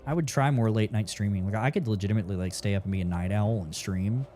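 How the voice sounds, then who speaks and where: A man's voice: lowish voice, fast, dark tone, slight background noise. Chatty man streaming a game. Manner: chatty, rambling, swears casually. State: dry throat. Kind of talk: casual gameplay commentary. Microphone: studio desk mic.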